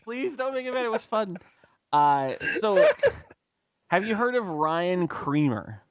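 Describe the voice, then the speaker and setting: A man's voice: sits high, sing-song, slow, smooth, dry recording, studio quality. A man co-hosting a casual comedy podcast, rambling, swearing and acting out little bits. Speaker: podcast co-host.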